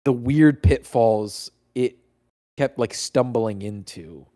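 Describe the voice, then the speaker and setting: A man with a mellow, dark voice chats casually on a podcast. He picks films apart in loose, filler-heavy talk that gets animated. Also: medium pitch, slow pace. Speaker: podcast co-host. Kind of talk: casual chat.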